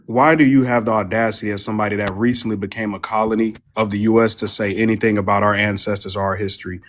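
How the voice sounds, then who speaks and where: A man with a lowish voice argues hard on a live online panel. He fires pointed questions, talks over his opponent and presses every point without letting go. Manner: combative, interrogating. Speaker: panel co-host. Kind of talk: heated live panel debate.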